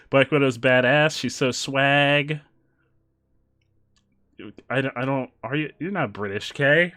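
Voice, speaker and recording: A man's voice: medium pitch, slow, long pauses, bright, forceful tone. A male streamer chatting casually with his viewers while playing, joking and laughing often. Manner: joking, laughs often, reads chat aloud. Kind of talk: casual live-stream chat while gaming.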